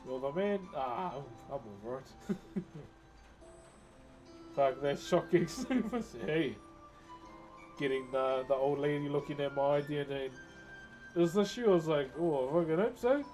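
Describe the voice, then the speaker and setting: A man with a slightly high voice and a darkish tone talks casually to viewers on a live stream. He tells laid-back, joking stories and laughs often.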